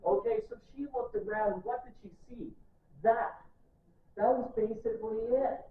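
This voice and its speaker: A man's voice: high-pitched, moderate pace, a little hiss or hum. A man giving a playful, joking history talk to a live audience in a library room. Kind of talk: lively public lecture. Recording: distant, echoey, tinny room recording.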